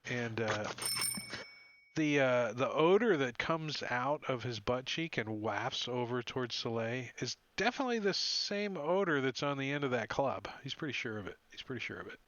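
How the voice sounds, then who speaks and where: A man's voice: medium pitch, very animated, normal speed, a bit bright, no echo, highs cut off. A man running a tabletop game as dungeon master, narrating loosely with lots of "uh" and "like". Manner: loose, rambling narration full of "uh" and "like".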